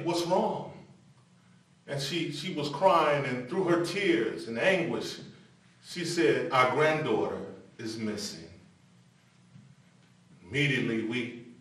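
An older man preaching a televised sermon. He moves between impassioned exhortation and a quieter personal testimony. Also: mid-range voice. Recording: echoey room from a distance.

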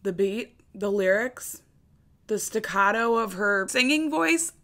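A young woman hosting a casual music reaction vlog, gushing and excitable, trailing off mid-thought. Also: mid-range voice, takes it slowly. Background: music playing.

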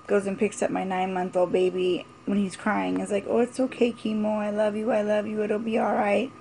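Mom vlogger in her forties with a fry-edged voice, speaking bluntly and repeating her points. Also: medium pitch, darkish tone, a little hiss or hum. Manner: emphatic, blunt and repetitive. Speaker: mother vlogger. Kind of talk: casual opinion vlog.

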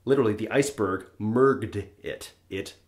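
Chatty low-voiced man teaching vocabulary. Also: moderate pace. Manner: chatty, playful, with fillers and acted asides. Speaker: language teacher. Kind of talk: casual vocabulary explanation.

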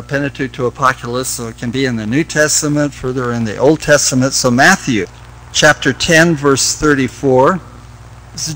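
A man's voice: mid-range voice, fairly bright tone, low-quality recording. A man teaching a Bible study, reading verses aloud and repeating key phrases as he explains them.

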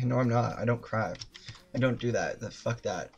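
A gaming streamer commentates live as they play, cursing nonstop, poking fun at themself, and breaking into loud outbursts and laughter. The voice is medium-pitched at a moderate pace, with lo-fi sound.

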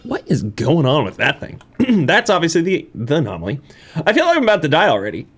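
A man doing let's-play commentary, talking to himself in a rambling, self-mocking way. His pitch swings wildly from low mutters to high squeals. Keyboard typing can be heard faintly behind him. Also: fairly quick. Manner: rambling and self-mocking, with frequent laughs and high excited outbursts. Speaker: gaming YouTuber. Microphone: desk microphone.

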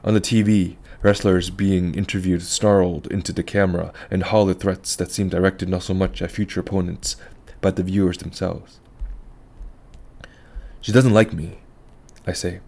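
A man with a notably deep voice narrates a literary short story in the first person. His reading is calm, measured and reflective. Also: creaky. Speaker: audiobook narrator.

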